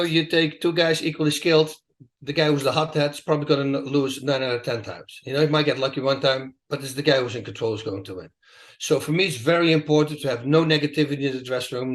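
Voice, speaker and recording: A man in an interview, telling stories in a lively, emphatic, casual way. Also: fairly high pitch, fast talker. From Netherlands. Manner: animated, emphatic storytelling with asides. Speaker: interview guest, retired fighter. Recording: echoey room.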